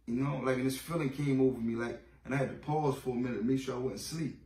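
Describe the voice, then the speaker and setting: A man's voice: medium pitch, steady tone, fast, a little mellow, recorded from a distance. A man in his late thirties, a podcast interview guest, telling his story in blunt, profane street talk and acting out the voices of others. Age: 30s. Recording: roomy echo, off-mic, faint ambience.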